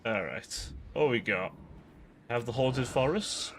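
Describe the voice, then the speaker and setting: Young male streamer, casual and jokey, mid-pitched, talks to chat. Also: lively intonation, takes it slowly, a bit bright, a little hiss or hum. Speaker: live game streamer.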